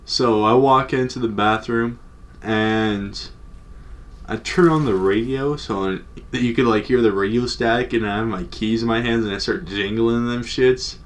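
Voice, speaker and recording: A man's voice: mid-range voice, fairly even intonation, a little slow. A young adult man telling a story in a casual, loose, slangy way, full of "like" and swearing. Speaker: storytime vlogger.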